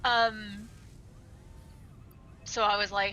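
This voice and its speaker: Bright-voiced young woman telling stories. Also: medium pitch, measured pace, a little hiss or hum, low-quality recording. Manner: lively storyteller, laughs often. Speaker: gaming channel co-host. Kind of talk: casual chat while playing a game.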